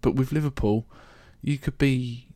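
A man's voice: medium pitch, steady tone, a little slow, warm tone, no room sound. A man from London with a London accent, hosting a solo podcast in a chatty, joking, rambling way. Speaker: podcast host. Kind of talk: casual solo podcast monologue.

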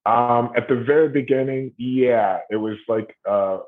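A middle-aged man from Ohio, a documentary series host, telling stories in a rambling, animated way. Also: medium pitch, unhurried. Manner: rambling, animated retelling with acted quotes. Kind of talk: casual interview conversation. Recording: tinny phone-like audio.

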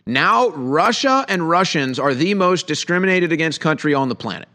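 A man's voice: fairly high pitch, lively intonation, normal speed, bright, forceful tone. A middle-aged man hosting a heated political commentary show, sarcastic and full of rhetorical questions.

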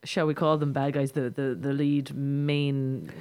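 A woman's voice: extremely low pitch, level tone, measured pace, mellow, clean tone. A woman co-hosting a casual film review chat, chatty and teasing, and acting out quotes. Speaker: film review podcast co-host.

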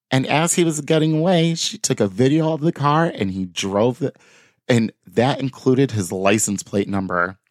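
A man's voice: mid-range voice, no room sound, clean studio sound. Man casually reading crime news. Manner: reads articles aloud with offhand asides. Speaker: podcast host. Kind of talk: casual podcast chat reading news stories.

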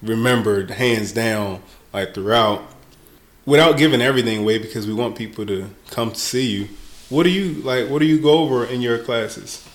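A man's voice: mid-range voice, normal speed. A man hosting a podcast, asking questions in an easygoing, playful way. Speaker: podcast host. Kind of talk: casual podcast interview.

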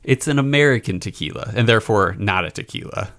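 A man's voice: fairly low pitch, expressive, fast, fairly bright tone. A man co-hosting a casual podcast chat, talking in a laid-back, jokey way. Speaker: podcast co-host.

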